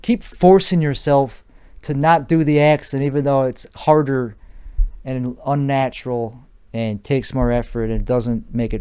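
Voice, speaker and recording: A man's voice: mid-range voice, darkish tone, smooth. A man with a put-on Chicago accent, overtired and sleep-deprived, hosting a rambling solo podcast monologue, profane and argumentative, repeating himself. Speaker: podcast host.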